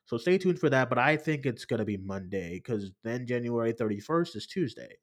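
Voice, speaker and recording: Animated swearing man in casual chat. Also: medium pitch, a little fast. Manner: animated, swearing, laughing retellings. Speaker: podcast co-host. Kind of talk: casual pop-culture chat.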